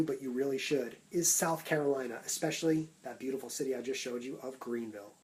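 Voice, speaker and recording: A man vlogging for social media, talking in an energetic, punchy countdown style into a phone held at arm's length. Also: mid-range voice, fast talker, hardly any pauses, breathy edge. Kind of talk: upbeat Snapchat vlog talk.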